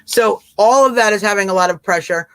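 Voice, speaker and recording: A woman's voice: mid-range voice, fairly quick, a bit bright, no room sound. A woman with a Southern twang hosting a live stream, chatting casually and answering viewers by name in an emphatic way. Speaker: livestream host.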